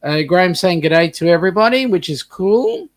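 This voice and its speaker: A man's voice: high voice, lively intonation, normal speed. A man co-hosting a casual live stream, reading out viewer comments with a joking, bantering manner. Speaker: livestream co-host.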